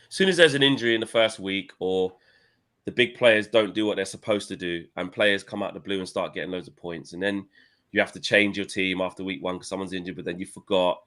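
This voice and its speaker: A young man talks in a lowish voice, casual and playful, sprinkling his banter with slang. He is co-hosting a fan livestream and reads viewers' comments aloud between jokes. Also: a bit bright. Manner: banterous, playful, uses slang like "my son" and "innit". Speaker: co-host of fan channel livestream. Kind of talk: casual fan chat reading live comments.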